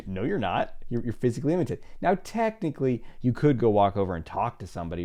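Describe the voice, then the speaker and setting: A man's voice: on the low side, mellow. A middle-aged man hosting a solo advice podcast as a psychologist, talking animatedly and acting out little dialogues in different voices.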